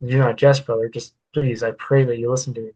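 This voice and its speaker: A man's voice: mid-range voice, level tone, fast, warm tone, natural voice, low-quality recording. A man voicing an earnest young male vampire who pleads urgently in formal, old-fashioned speech, while reading his own story. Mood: pleading.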